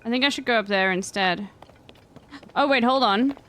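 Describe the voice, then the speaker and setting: A woman's voice: a little high, moderate pace, fairly bright tone, poor audio. A young woman streaming a game, chatting crudely and jokingly with her viewers. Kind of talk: casual gameplay commentary.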